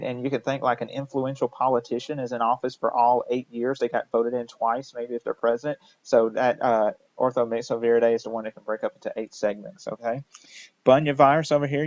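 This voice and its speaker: A man's voice: medium pitch, darkish tone, no room sound. Casual joking male lecturer, lo-fi. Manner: casual, jokey, constant "all right?" check-ins. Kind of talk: recorded lecture. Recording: dull lo-fi dry recording.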